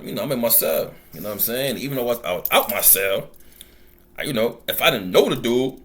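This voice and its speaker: A man hosting a commentary show, talking bluntly and profanely in a loose storytelling ramble. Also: medium pitch. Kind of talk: casual commentary monologue.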